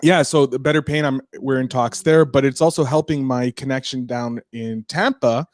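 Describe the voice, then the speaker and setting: A man being interviewed about podcasting, talking fast and animated with lots of restarts. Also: mid-range voice, no echo, studio quality. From Canada. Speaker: podcaster guest. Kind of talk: casual interview chat.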